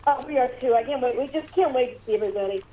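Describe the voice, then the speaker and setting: A woman's voice: sits high, racing, mellow. A woman musician, a guest on a phone interview, speaking enthusiastically and eagerly. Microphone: telephone. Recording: dull phone line with faint noise.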